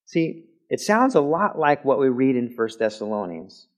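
A male pastor gives a sermon in a church sanctuary, speaking at a middle pitch. His delivery is easy and conversational as he explains things. Now and then he breaks into a loud, ringing shout. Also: sing-song, normal speed. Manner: conversational teaching with sudden shouted quotes. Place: church sanctuary with a mic system.

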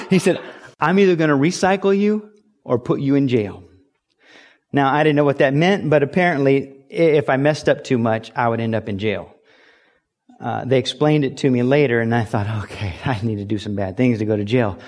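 Man, middle-aged, pastor, sermon, storytelling, lively acted-out quotes. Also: mid-range voice. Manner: storytelling, acts out loud shouting quotes.

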